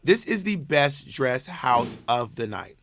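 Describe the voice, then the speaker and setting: A man co-hosting a podcast, chatting casually in an animated, rambling way with many restarts. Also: medium pitch, slow pace. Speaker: podcast co-host. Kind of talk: casual chat.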